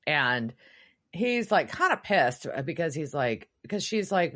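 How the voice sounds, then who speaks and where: A woman co-hosts a podcast, casually recapping a TV episode and acting out the characters' lines. Her voice is on the low side and moves at a normal speed. She tells the story animatedly, swearing along the way and performing the quotes.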